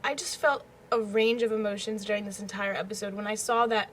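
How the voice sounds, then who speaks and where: A woman's voice: medium pitch, fairly quick. A young woman hosting a reaction video, emotional and exclamatory, swearing freely as she comments on a TV episode. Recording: loud background noise with TV audio.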